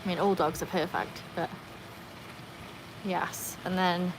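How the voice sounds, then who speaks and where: A woman from North Wales chatting casually on a livestream, reading out viewer comments in a relaxed, self-deprecating way, recorded outdoors by a pool on a phone with no external mic. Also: fairly low pitch, slow, noisy background. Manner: chatty, self-deprecating, walks around the yard. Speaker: livestream host.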